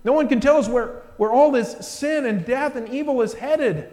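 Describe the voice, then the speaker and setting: A man preaching from the pulpit in a fairly high voice, drawing listeners in with rhetorical questions. He drops to near hush for weight, then swells to loud emphasis. His voice trails off in a long church reverb. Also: normal speed. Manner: animated storytelling with rhetorical questions; swings between hushed and loud emphasis. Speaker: pastor. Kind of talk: sermon.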